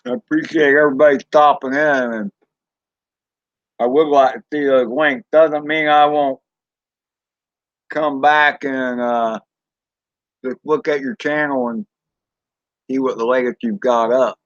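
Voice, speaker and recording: Reading his live chat, a drone channel host with a Southern US accent rambles in a slow, folksy way, drawing out his fillers and swearing mildly. His medium-pitched voice stays steady, and the dry, close recording sounds a bit dull and lo-fi.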